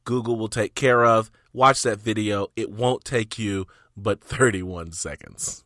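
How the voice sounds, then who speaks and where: A man's voice: on the low side, unhurried, bright, forceful tone, dry recording, clean studio sound. Playful man co-hosting a sports podcast. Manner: playful, argues with mock-dramatic quoted voices. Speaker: podcast co-host. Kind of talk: casual sports talk.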